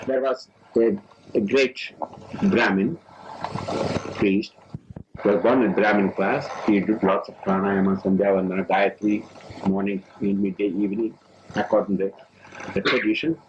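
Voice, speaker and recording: A man from India, a spiritual teacher telling a religious story in a lively, halting lecture. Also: on the low side, noisy background. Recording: dull old lecture tape.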